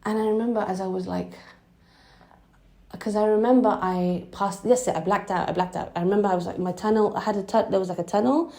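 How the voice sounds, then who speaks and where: A young woman telling a personal story in a halting, emotional way, with many restarts. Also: mid-range voice, steady tone, vocal fry, mellow. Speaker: vlogger.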